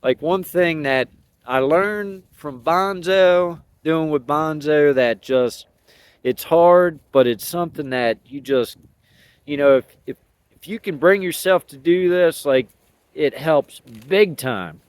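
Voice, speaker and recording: A man rambles in a laid-back, folksy way about raising his dogs, dropping slang as he goes. His voice sits a little high for a man. The recording is dry, with no room echo. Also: slow pace, clean tone. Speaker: dog owner sharing training thoughts. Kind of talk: casual outdoor vlog talk.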